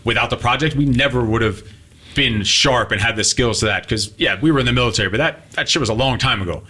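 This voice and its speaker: A fast-talking man co-hosting a casual podcast. His voice is bright and husky. He speaks bluntly, with a lot of cursing. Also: mid-range voice. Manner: blunt and profane, cutting in with quick agreement. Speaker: podcast co-host and instructor.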